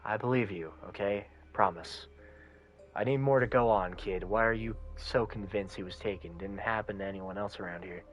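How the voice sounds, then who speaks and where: A man voicing a gruff, weary adult male detective in a low, calm, tired voice with a measured, dry delivery. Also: dull audio, lightly acted.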